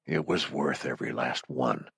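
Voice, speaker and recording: A man voicing a cruel, scarred male warlord who speaks in a low, menacing, contemptuous way. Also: moderate pace, gravelly, fairly bright tone, breathy edge, dry recording, clean studio sound, exaggerated voice.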